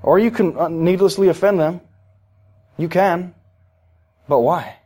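A man with a high voice preaches a sermon to his church. He is emphatic, climbing up and getting louder when he scolds, then slowing down and dropping low to drive his point home. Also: breathy edge. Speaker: pastor.

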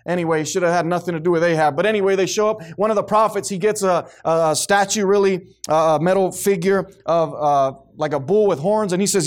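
A man's voice: high voice, fast talker. A man preaching a sermon to a congregation, acting out the voices of the people he quotes. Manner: animated, acts out quoted voices, responsive amens from congregation.

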